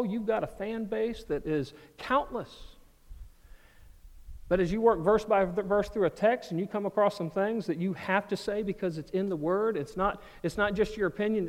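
A man preaching a sermon as pastor, conversational and animated, slipping into quoted voices. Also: sits high. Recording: long reverb of a large hall.

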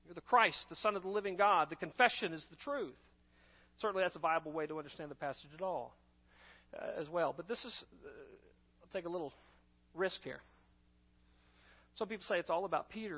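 A man preaching a sermon as pastor, emphatic, swinging between loud stresses and hushed asides. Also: fairly high pitch, fairly quick, husky. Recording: long hall reverb, dull lo-fi sound.

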